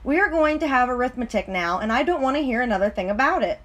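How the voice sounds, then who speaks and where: A woman voicing a firm, brisk schoolteacher in a storybook reading. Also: fairly high pitch, lively intonation.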